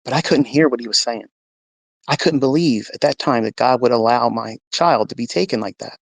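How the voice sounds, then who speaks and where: A man's voice: medium pitch, fairly quick, gravelly, dry recording. A man telling an emotional personal testimony in an earnest storytelling way, acting out the dialogue. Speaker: speaker sharing a testimony.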